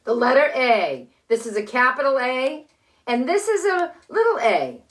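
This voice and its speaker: An older woman with six grandchildren, teaching letter sounds to children in a slow, cheerful, encouraging way from her living room. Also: high voice, very animated. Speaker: children's story host. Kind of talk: phonics lesson and read-aloud for children.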